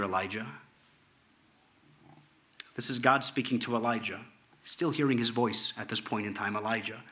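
A man preaching a sermon, reading scripture aloud in an animated way, at times dropping to a hushed tone. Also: mid-range voice. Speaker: pastor.

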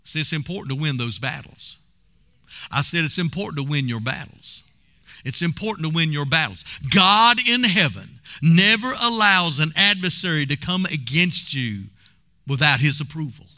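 Man, pastor, fervent sermon, high voice, piercing tone. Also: lively intonation, moderate pace, bright, forceful tone. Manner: fervent storytelling with call-outs to the congregation.

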